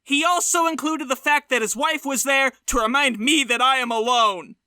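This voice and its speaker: A man co-hosting a podcast, telling animated, self-deprecating stories in casual chat. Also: very high-pitched, normal speed, clear, resonant tone, no room sound, clean studio sound. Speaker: podcast co-host.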